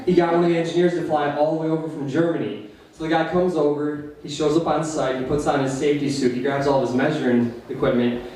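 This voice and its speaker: A man with an Upper Midwest American accent tells rambling stand-up jokes, laughing nervously at himself. His slightly high voice sounds far from the mic in a very echoey cafe room. A faint hiss sits under the recording. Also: little pitch movement, fast talker, a little mellow. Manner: rambling, self-deprecating joke telling with nervous laughs. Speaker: open mic comedian. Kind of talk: stand-up comedy. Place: small cafe stage.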